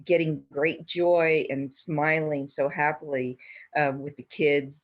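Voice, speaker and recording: Slow, hesitant speaker over a tinny line. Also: medium pitch, little pitch movement. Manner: hesitant, many pauses and ums. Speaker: mission trip team member. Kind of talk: hesitant interview answer. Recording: tinny phone-like sound.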